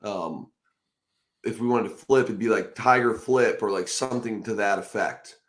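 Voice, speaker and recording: Animated man telling stories on a podcast. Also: lowish voice, normal speed. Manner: animated storytelling, swearing, acting out quotes loudly. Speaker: podcast host. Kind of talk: casual podcast chat.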